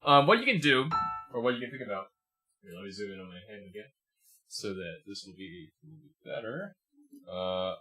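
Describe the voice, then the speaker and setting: Patient man teaching piano. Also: on the low side. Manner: patient, explains while demonstrating, often asks "right?". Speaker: piano teacher reviewing a student. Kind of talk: livestream piano lesson. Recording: piano music playing behind.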